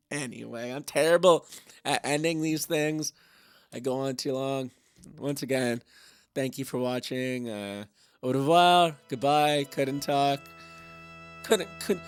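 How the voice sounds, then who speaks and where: A man's voice: medium pitch, smooth, dry recording, clean studio sound. A young man hosting a podcast, rambling and self-deprecating as he signs off, swearing now and then. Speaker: podcast host. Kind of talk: casual podcast sign-off.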